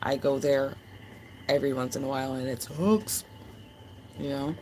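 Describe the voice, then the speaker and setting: A woman's voice: a bass voice, fairly even intonation, normal speed, background noise. A woman hosting a livestream, chatting casually and affectionately with viewers, full of fillers. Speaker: livestream host. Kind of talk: casual chat with live chat.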